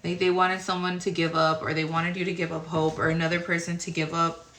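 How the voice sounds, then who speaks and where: A woman's voice: on the low side, flat delivery, a little fast, fairly bright tone. A woman giving a casual tarot reading to viewers, rambling and searching for words, sounding tired. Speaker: tarot reader. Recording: roomy echo.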